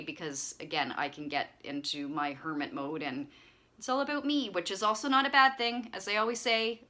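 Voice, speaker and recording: A woman hosting her own channel, chatting casually to camera in a rambling, friendly way with lots of fillers. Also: lowish voice. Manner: chatty, warm-hearted rambling with frequent fillers. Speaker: channel host.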